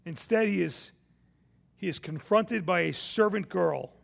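A male preacher delivering a sermon. His voice sits high for a man and carries a gravelly rasp. He tells the story with dramatic swings between soft and loud passages. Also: lively intonation, a little slow.

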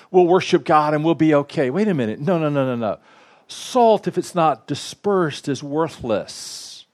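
A man delivers a sermon in an animated, chatty way. His voice sits fairly high for a man. He jokes and speaks straight to people in the pews. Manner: animated, conversational preaching with props and asides to the congregation. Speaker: pastor.

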